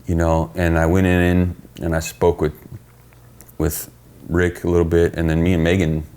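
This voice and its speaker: A middle-aged man, a podcast guest, telling stories in casual chat, profane and animated as he acts out what people said. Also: deep voice, moderate pace, clear, resonant tone. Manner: profane, animated storyteller acting out quoted dialogue.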